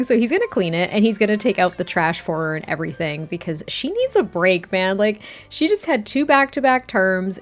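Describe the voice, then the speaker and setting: A woman casually narrating a life-sim game story, chatting to her viewers with lots of fillers. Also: mid-range voice. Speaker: Sims story let's-player.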